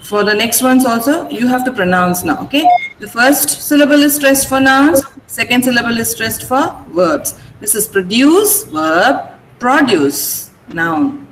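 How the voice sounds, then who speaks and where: Lady english teacher on an online class, fairly high voice, says each word slow and over again, quiet hiss behind. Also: expressive, rough recording. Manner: drills word stress, repeating words slowly and asking pupils questions.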